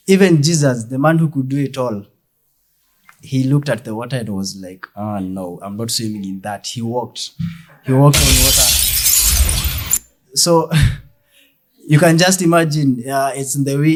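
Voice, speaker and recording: A young Kenyan man with a Kenyan accent performing a deadpan stand-up comedy set, mixing English and Swahili. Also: medium pitch.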